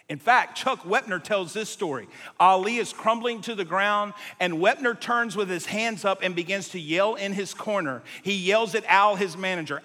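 Male preacher, bright and forceful tone, lively sermon storyteller, heard with the long echo of a big hall. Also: high voice, normal speed. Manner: animated, jumps between tangents, acts out quotes. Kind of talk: sermon storytelling to a live congregation. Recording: long reverb of a large hall.

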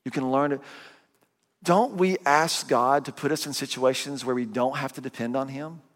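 A middle-aged man pastor giving a sermon, telling stories with self-mocking humor and voicing quick asides. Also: medium pitch, steady tone. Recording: long reverb of a big hall.

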